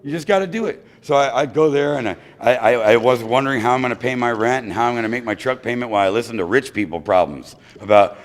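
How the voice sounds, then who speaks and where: An American man sharing his recovery story at a meeting, animated and acting out other people's voices. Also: medium pitch, fast talker, few pauses.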